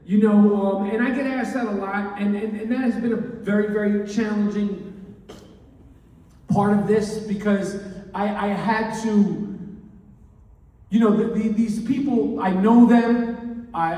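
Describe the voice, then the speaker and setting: A man's voice: high-pitched, warm tone. A man doing stand-up comedy, rambling, with lots of fillers and restarts. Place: large hall with an audience. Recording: echoey hall, mic from far off.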